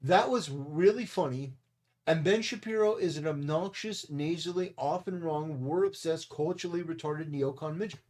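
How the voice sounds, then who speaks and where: A man's voice: on the high side, moderate pace, a little mellow. A man hosting his own commentary channel, talking through an online argument in a blunt, combative way. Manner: blunt and combative, insulting and dismissive. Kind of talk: opinion commentary monologue.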